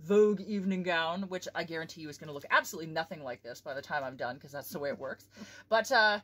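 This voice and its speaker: A woman's voice: sits low, fast talker, a bit bright. A woman chatting casually about sewing in a vlog, profane and self-mocking. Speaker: sewing vlogger.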